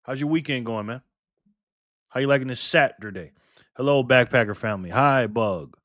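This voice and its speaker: A man's voice: mid-range voice, normal speed, fairly bright tone, dry recording, clean studio sound. A man hosting a casual livestream, cheerfully greeting viewers by name one after another. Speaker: livestream host.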